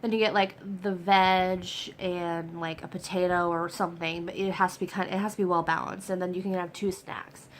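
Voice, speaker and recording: Excited chatty woman vlogging. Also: on the low side, normal speed, hardly any pauses, slight background noise. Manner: excited, chatty, lots of fillers. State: getting over a cold. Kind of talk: casual personal update.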